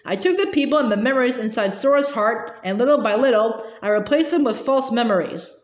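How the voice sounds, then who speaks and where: A woman reading as a quiet, apologetic teenage girl. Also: a little high, lively intonation, fairly quick, reverberant, natural voice. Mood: sad. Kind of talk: storybook reading aloud.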